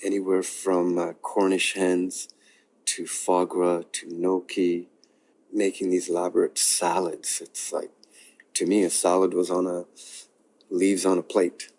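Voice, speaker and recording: A man from India, a chef, telling his story in an interview, earnest and animated as he acts out the dialogue. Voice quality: low gravelly husky voice.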